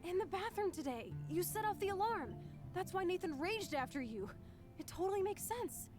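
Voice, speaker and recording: A woman's voice: very high voice, expressive, normal speed. An actress voicing a brash, rebellious teenage girl in a video game, with a blunt, teasing way of talking. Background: game music.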